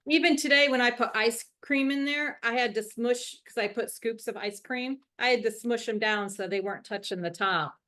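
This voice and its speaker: A woman co-hosting a casual chat with a Texan accent, talking in a relaxed way and chiming in with short agreeing replies. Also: on the high side, moderate pace, few pauses. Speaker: podcast co-host.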